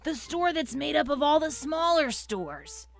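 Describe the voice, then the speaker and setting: A woman's voice: high voice, sing-song, measured pace, gravelly, heavily acted. A woman voicing a bratty, bossy young woman from another world in a visual novel, impatient and demanding. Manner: demanding, impatient, calls him useless.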